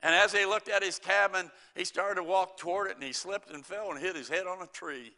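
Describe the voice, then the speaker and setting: A man's voice: sits high, brisk, sharp tone. A man preaching a sermon, quoting scripture and telling folksy stories, chuckling at his own jokes.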